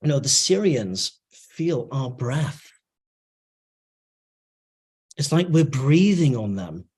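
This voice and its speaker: A man's voice: mid-range voice, sing-song, takes it slowly, a little mellow, slightly rough. A man who channels messages in chanted syllables and then explains them in casual chat with many fillers. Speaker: channeler guest.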